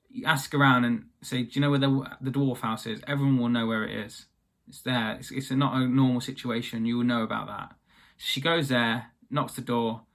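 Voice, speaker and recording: A man's voice: mid-range voice, a bit bright. A young man casually retelling a fairy tale, chatty and rambling with offhand asides.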